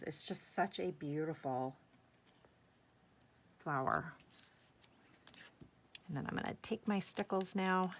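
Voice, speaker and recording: A woman's voice: low voice, a little hiss or hum. A woman hosting a craft tutorial, chatting enthusiastically as she works step by step and talking to herself. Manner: chatty, enthusiastic, talks to herself while working. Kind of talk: casual step-by-step craft demonstration.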